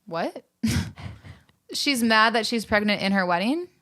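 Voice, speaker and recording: A woman's voice: on the high side, expressive, takes it slowly, bright, forceful tone. A young woman co-hosting a podcast, chatting casually, laughing often and swearing freely. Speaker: podcast co-host. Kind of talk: casual chat.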